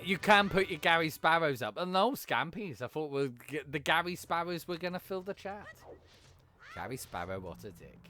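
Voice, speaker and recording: A man chatting casually while he plays on a live stream, swearing freely and cracking quick jokes. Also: fairly high pitch, pushed and bright.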